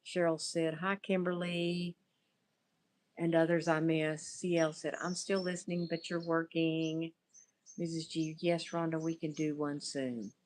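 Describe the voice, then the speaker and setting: A woman's voice: deep voice, little pitch movement, measured pace, a little mellow. A middle-aged woman with a Southern accent, hosting a casual livestream outdoors and rambling through viewer comments. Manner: rambling, riffs without a topic, reads viewer comments. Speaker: livestream host and therapist. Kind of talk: casual livestream chat, reading comments aloud.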